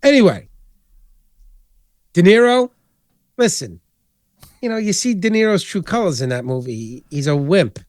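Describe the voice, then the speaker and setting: A man hosting a podcast, chatting casually in a rambling, animated way and swearing constantly. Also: high-pitched, unhurried, pauses often, no echo, studio quality. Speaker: podcast host. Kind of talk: casual chat.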